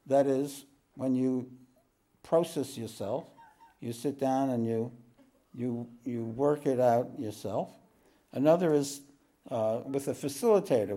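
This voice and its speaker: Slow, mellow-voiced male spiritual teacher. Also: medium pitch. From East Coast of the United States. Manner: slow, wandering delivery with frequent throat clearing and jokes. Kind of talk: relaxed spoken teaching to a group.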